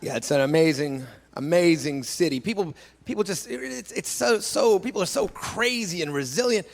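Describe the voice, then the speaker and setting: A man's voice: high-pitched, lively intonation, normal speed, creaky. A man doing a stand-up routine in a comedy club, ranting in a brash, profane, incredulous way. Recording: live club set with crowd laughter and noise. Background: crowd laughing.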